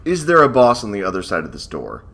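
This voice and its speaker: A man's voice: lowish voice, wildly swooping pitch, fast talker, vocal fry, fairly bright tone. A man commenting casually as he plays a hard video game, rambling, cursing and mocking himself. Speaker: gameplay host. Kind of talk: let's play commentary.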